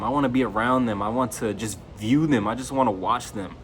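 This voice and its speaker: A man's voice: medium pitch, a little fast, fairly bright tone, a little hiss or hum. A young man talking straight to camera in a loose, slangy monologue, raising his voice when he quotes his friends. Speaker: vlogger.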